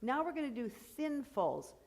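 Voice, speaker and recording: A woman's voice: sits high, big pitch swings, moderate pace, darkish tone. A woman coaching a choir through vocal technique, explaining and encouraging as she demonstrates. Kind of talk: rehearsal vocal instruction.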